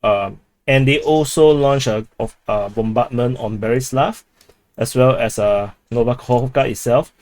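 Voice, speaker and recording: A man's voice: mid-range voice, a little slow, darkish tone, dry recording. A man giving an unscripted war update, hesitant and wry, full of fillers and restarts. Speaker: military news commentator.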